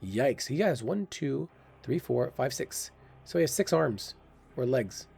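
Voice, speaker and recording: A man's voice: mid-range voice, sing-song, a little slow, vocal fry, darkish tone, breathy edge. A man hosting a gaming channel, giving casual, curious commentary and thinking aloud with exclamations. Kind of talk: casual game commentary voice-over.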